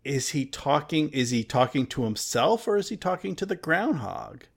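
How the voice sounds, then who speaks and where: A man co-hosting a casual film discussion, musing out loud with hesitant restarts. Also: fairly high pitch, sing-song, normal speed, vocal fry, husky. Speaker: podcast co-host.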